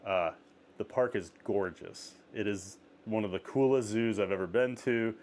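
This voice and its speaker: A man hosting a casual interview, telling a travel story with lots of "like" fillers and rising excitement. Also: on the low side, moderate pace. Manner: animated storyteller, many "like" fillers. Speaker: podcast host.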